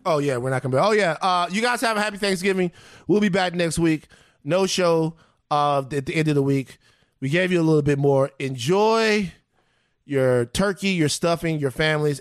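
A middle-aged man co-hosting a podcast, chatting in an animated, joking way and often repeating himself. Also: a little high, moderate pace, no room sound, studio quality, faint music behind. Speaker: podcast co-host. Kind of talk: casual chat.

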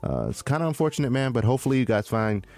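A man co-hosting a casual podcast, excitable and slangy as he chats. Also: mid-range voice, racing, dry recording, soft background music. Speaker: podcast co-host. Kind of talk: casual crypto chat.

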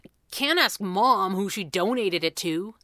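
A woman's voice: medium pitch, animated, a little slow, bright, forceful tone, no room sound, studio quality. A woman reading a storybook, voicing an indignant young man who protests and sulks. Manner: protesting, sulky.

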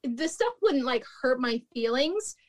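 A woman's voice: high-pitched, expressive, measured pace. A young woman, a former restaurant manager, telling work stories in casual chat, bluntly, swearing and laughing often. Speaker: podcast guest, recruiter and former restaurant manager.

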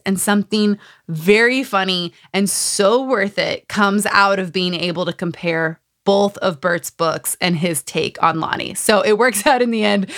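A woman's voice: medium pitch, a bit bright. A woman in her thirties hosting a podcast in a chatty, bubbly way, rambling with lots of filler words. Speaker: podcast host.

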